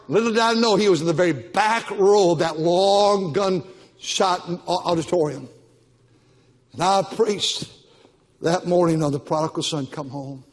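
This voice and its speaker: High-voiced older pastor preaching in a hall. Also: male voice, unhurried. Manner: emphatic, repetitive exhortation. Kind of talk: Baptist sermon. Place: church auditorium. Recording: long church-hall reverb.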